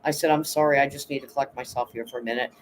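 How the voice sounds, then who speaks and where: A middle-aged Canadian livestream host talks rapid-fire in an extremely low-pitched, steady voice during a casual chat. She's blunt and emotional, swearing often and greeting viewers by name. The low-quality recording has a little hiss or hum.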